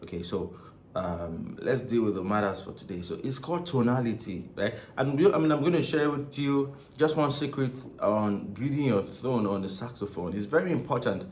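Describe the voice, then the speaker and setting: A man's voice: medium pitch, moderate pace, a little mellow. A man giving a casual spoken saxophone lesson, rambling and repeating himself, often checking in with "right?" and "okay?". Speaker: saxophone teacher. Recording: echoey room with faint ambient noise.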